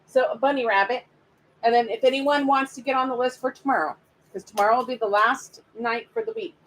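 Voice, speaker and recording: A woman's voice: fairly high pitch, steady tone, fairly quick, a bit bright, slight background noise, poor audio. Chatty woman giving live spiritual readings. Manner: affectionate, calls viewers by pet names; chatty, speaks straight to viewers. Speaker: spiritual reader. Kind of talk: live-streamed card reading.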